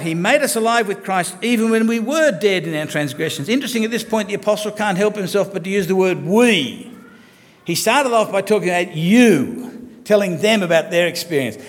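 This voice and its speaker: A man preaching a sermon, earnest and emphatic, slowing down to stress key phrases. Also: high-pitched. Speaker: pastor. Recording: long hall reverb.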